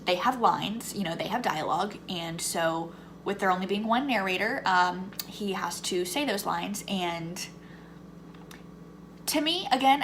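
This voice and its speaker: A young woman with a faint Southern US accent, talking candidly through a casual book review vlog and turning heated when she rants. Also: mid-range voice. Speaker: book vlogger. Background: faint lawnmower noise.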